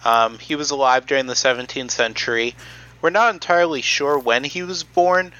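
A man co-hosts a relaxed podcast, walking through a history topic. His voice sounds bright and he pauses on frequent ums as he explains. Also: mid-range voice, lo-fi sound. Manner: hesitant, many ums while explaining. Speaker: podcast co-host presenting the topic. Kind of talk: casual podcast chat.

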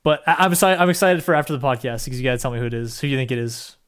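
A young man co-hosting a podcast in casual chat, excitable and rambling, with casual swearing. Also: mid-range voice, very fast, clean tone. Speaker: podcast co-host.

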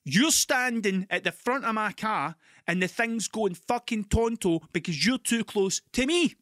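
Sweary Scottish man ranting, bright tone. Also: high-pitched, measured pace, hardly any pauses, no echo, clean studio sound. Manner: sweary, animated ranting storyteller. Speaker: podcast host. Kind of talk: casual monologue.

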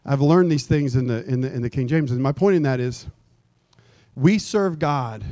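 A pastor preaching a sermon in a lively, joking way, slipping into mock old-fashioned prayer voices. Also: male voice, medium pitch, moderate pace, dry recording. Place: church.

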